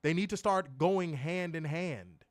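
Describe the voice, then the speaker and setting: A young man casually reviewing a wrestling show, excitable and slangy, laughing often and repeating phrases. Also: fairly high pitch, unhurried, no room sound, studio quality. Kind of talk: casual live-stream commentary reading chat.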